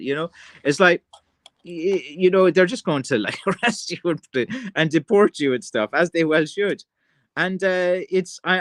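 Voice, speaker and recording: A man's voice: a little high, dry recording. Rambling Irish man ranting, dry sound. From Ireland. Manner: rambling and excitable, full of fillers like "like" and "you know"; slangy, calling people "man" and "lads". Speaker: livestream host. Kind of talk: casual rant on a livestream.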